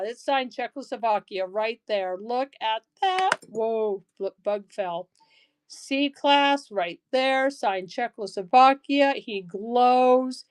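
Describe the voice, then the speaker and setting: Excitable woman selling jewelry live. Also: fairly high pitch, clear, resonant tone. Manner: chatty, excitable, gushing over items. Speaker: live-stream jewelry seller. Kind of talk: live auction selling chat.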